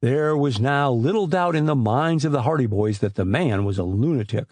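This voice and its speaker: A man's voice: medium pitch, moderate pace, no room sound. A man narrating an adventure novel as an audiobook, telling it expressively. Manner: expressive storytelling.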